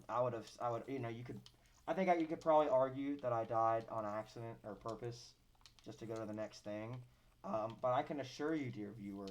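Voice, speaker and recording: A man's voice: medium pitch, lo-fi sound. A young man streaming a video game, talking casually, swearing and complaining with mock drama about his losses. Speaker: gaming streamer. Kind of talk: casual live gameplay commentary.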